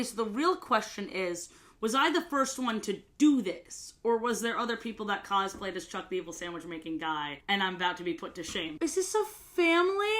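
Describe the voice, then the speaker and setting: A woman's voice: a little high, pushed and bright. A woman in her twenties chatting casually and joking while she does cosplay makeup. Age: 20s. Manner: chatty, joking, quick asides. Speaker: cosplay vlogger.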